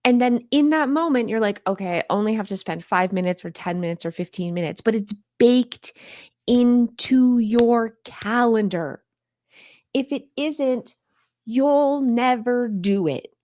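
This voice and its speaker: A woman's voice: on the high side, animated, measured pace, darkish tone, no room sound, studio quality. A woman hosting a live stream on home organizing, talking straight to her viewers in an upbeat, coaxing way and answering their questions.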